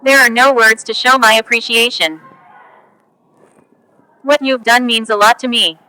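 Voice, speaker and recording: A woman reading English example phrases one at a time for learners, slow and careful. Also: on the high side, fairly even intonation, sharp tone, dry recording, rough recording. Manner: slow, careful, each phrase spoken on its own. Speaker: English teacher.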